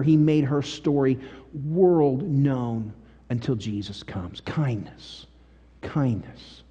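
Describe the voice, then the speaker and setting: A man preaching a sermon as pastor, telling stories emphatically, swinging from quiet to loud. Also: a little high. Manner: emphatic, animated storytelling with big swings in volume. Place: church sanctuary. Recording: long church-hall reverb.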